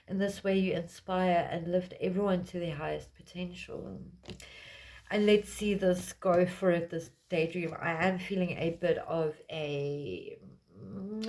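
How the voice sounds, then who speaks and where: Mellow-voiced woman giving a spiritual reading. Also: lowish voice. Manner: meandering, lots of fillers. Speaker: tarot reader.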